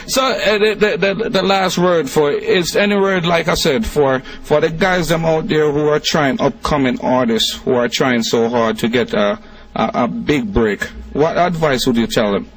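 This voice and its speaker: A man's voice: a little high, far from the mic, low-quality recording. A man hosting a casual radio interview, stumbling and repeating words as he asks questions. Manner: halting, repeats words, laughs often. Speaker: radio host.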